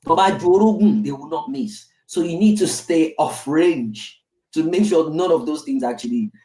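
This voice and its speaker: A slightly high, dark-toned male voice at normal speed belongs to a Nigerian father in his thirties. He shares his own story candidly in reflective, casual podcast talk, often asking "right?", with a roomy sound from a distant mic.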